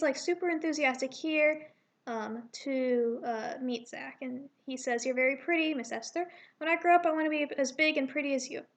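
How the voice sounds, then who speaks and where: A woman casually reading through her draft comic aloud, voicing the characters and adding rambling, self-correcting asides. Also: sits high.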